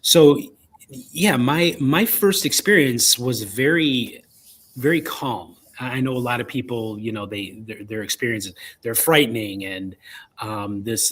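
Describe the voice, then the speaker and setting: A man's voice: mid-range voice, fairly bright tone. A man with a Chicago accent, a podcast guest telling a personal ghost story, with lots of fillers and restarts. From Illinois, United States. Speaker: podcast guest, paranormal investigator.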